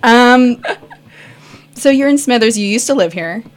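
A woman's voice: on the high side, expressive, measured pace, soft background music. Upbeat lady hosting a radio show, chatty studio mic sound. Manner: bubbly, upbeat. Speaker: radio host. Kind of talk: casual radio chat. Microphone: studio microphone with headphones.

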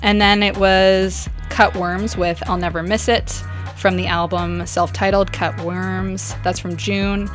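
Woman, radio host, bubbly and upbeat, studio mic, average pitch. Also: flat delivery, measured pace, faint music behind. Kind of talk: casual radio chat. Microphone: studio microphone with headphones.

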